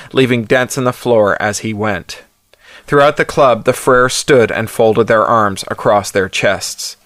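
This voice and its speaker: A man's voice: fairly low pitch, fairly bright tone, dry recording. A man reading a first-person story aloud, in a wry, hardboiled delivery. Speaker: audiobook narrator.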